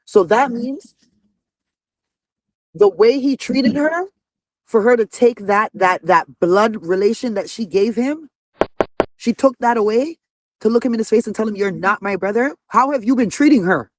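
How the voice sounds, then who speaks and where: A commentator in their forties reacting heatedly, cursing freely and scolding in a blunt, streetwise way. The voice is mid-pitched and recorded dry and close, with little room sound. Rhetorical questions often pile up in quick bursts. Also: no room sound. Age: 40s. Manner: rapid-fire rhetorical questions. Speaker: commentator reacting to a reality show.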